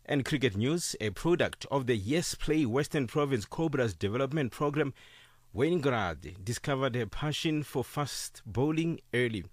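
A man presenting a scripted radio sports bulletin in a measured, formal delivery. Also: medium pitch, expressive, no echo. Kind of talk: scripted news reading. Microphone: dry studio mic.

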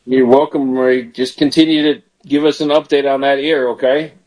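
A man's voice: mid-range voice, flat delivery, normal speed, darkish tone, low-quality recording. Male pastor-host, fervent call-in prayer, mid-range voice. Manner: fervent, prays aloud in bursts of praise. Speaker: radio show host and pastor. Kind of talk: call-in prayer radio show.

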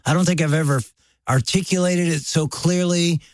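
A middle-aged man co-hosting a casual talk in a relaxed, joking way. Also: fairly high pitch, moderate pace, dry recording. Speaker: co-host. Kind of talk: casual chat.

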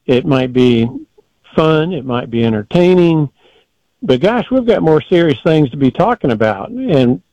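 An older man giving political commentary as a guest in a measured, folksy, deliberate way. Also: on the high side, big pitch swings, dark tone, no echo, highs cut off.

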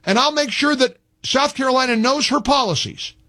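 Fired-up high-voiced male radio host. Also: normal speed, bright, forceful tone. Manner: fired-up, emphatic, repetitive. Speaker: radio talk show host. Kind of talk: political talk radio rant.

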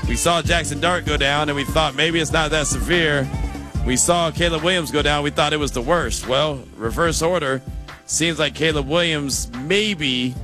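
A man's voice: mid-range voice, bright, forceful tone. A man hosting a sports radio show, talking casually and thinking aloud, sometimes repeating words as he goes.

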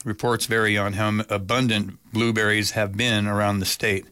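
A man reading radio news as the anchor, in an even, measured delivery. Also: fairly low pitch, clean tone, dry recording. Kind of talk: read news bulletin.

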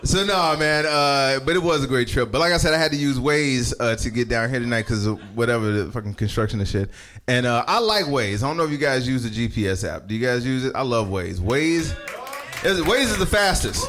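A man's voice: mid-range voice, animated, brisk, fairly bright tone. A man doing a casual stand-up set, talking straight to the audience in a loose, profane way. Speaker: stand-up comedian.

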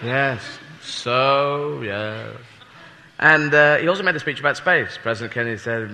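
A man's voice: mid-range voice, a little slow, bright, forceful tone, big-room sound. A British man performing a rambling, self-mocking stand-up routine with plenty of swearing. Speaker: stand-up comedian.

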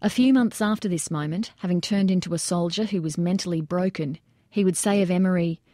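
A woman reading nonfiction narration aloud in steady storytelling style. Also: on the low side, fairly quick, no echo, clean studio sound. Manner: steady storytelling that acts out shouted quotes.

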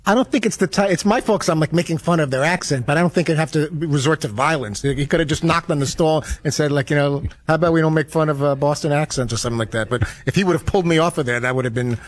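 A man from New York telling a rambling, halting, self-deprecating story as a show regular. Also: fairly high pitch. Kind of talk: casual storytelling.

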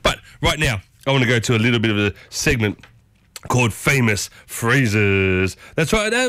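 A man with an Australian accent hosting a morning radio show alone, chatty and upbeat, with sudden excited jumps up in pitch. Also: no room sound. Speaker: radio host. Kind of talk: solo morning radio chat. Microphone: studio microphone.

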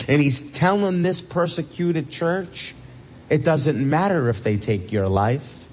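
A man's voice: fairly high pitch, slow pace, a little mellow, slight background noise. A man pastor preaching an impassioned sermon, emphatic and repeating his key phrases.

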